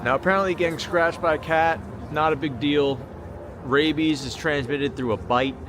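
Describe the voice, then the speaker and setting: A rambling American man chats to his viewers as he streams from a busy city street at night. His voice sits a little high, and his loose, easy talk keeps breaking off to read comments. Street traffic hums clearly behind him on a small camera mic. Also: fairly even intonation, moderate pace. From United States. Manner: rambling, chatty, reads comments aloud. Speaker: livestreamer. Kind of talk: casual livestream chat. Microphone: small handheld camera mic. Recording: outdoor street noise. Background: city street traffic noise.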